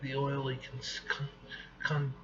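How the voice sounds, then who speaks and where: A man reading an injured, sharp-tongued woman hero from a comic, with dry, cutting remarks. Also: mid-range voice, monotone, unhurried, lo-fi sound, natural voice.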